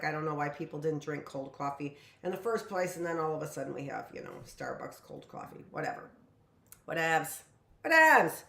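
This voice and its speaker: A woman in her late fifties, speaking in a fairly low, slightly bright voice with a roomy sound, teaches a casual live-stream lesson from her home kitchen. She's a teacher who rambles and chats, saying "you know" a lot.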